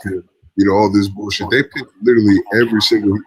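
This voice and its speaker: A man's voice: fairly low pitch, flat delivery, quick pace, low-quality recording. A young man on a sports debate panel, blunt and emphatic, who often cuts in.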